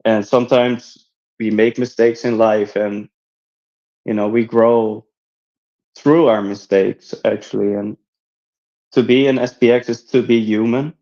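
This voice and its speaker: A man in casual chat on a live audio space, earnest and reassuring, halting with many fillers. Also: fairly low pitch, steady tone, mellow. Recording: slightly dull lo-fi audio.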